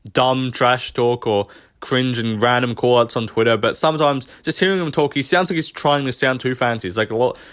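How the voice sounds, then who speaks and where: A man's voice: mid-range voice, fairly quick, a bit bright. A man in a casual commentary rant, rambling from point to point. He swears often and sounds dismissive of the people he talks about. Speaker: MMA commentary vlogger.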